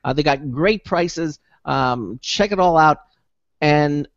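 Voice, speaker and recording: A man's voice: fairly high pitch, animated, a little slow, a bit bright, no room sound. Chatty male radio host, muffled audio. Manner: rambling, with repeated restarts. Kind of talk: casual radio chat.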